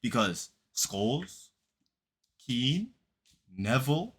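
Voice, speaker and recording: A man's voice: medium pitch, sing-song, very slow, fairly bright tone, breathy edge. A man giving a heated, mocking football reaction commentary, using street slang and repeating lines for emphasis.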